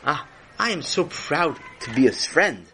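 A man's voice: on the high side, sing-song, pushed and bright, soft background music, pitched above the performer's own voice, exaggerated voice, rough recording. A man voicing a friendly, gracious foreign king who speaks in a formal, polite way. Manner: formal, courteous, with many pauses and restarts.

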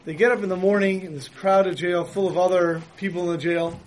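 A man, a religious teacher, telling a story and explaining its lesson in a lively, storytelling sermon. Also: sits high, brisk, low-quality recording.

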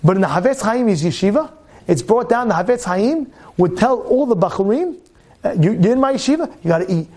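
A man's voice: sits high, animated, a little fast, darkish tone. A man teaching a weekly Torah-portion class. He talks emphatically, repeats his phrases and keeps firing questions at his listeners.

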